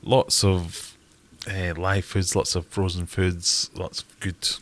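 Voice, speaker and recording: A man's voice: deep voice, flat delivery, slow pace, fairly bright tone. A man with a Glaswegian accent hosting a casual live-stream Q&A, chatty and jokey as he answers viewers. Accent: Scottish, Glaswegian. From Scotland. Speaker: host.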